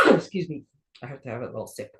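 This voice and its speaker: A woman's voice: extremely low pitch, lively intonation, fairly quick, bright, forceful tone. Chatty woman hosting a craft tutorial. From Canada. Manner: chatty, rambling, often laughing at herself. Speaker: stamping demonstrator and card-making host. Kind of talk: casual craft tutorial chat.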